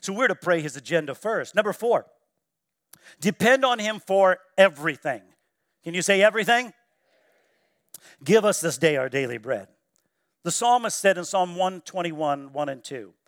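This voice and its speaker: A man preaching a sermon in church, swinging between loud exclamations and hushed, quiet quoting. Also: sits high, lively intonation, moderate pace, long pauses, dry recording, studio quality. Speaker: pastor. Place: church sanctuary.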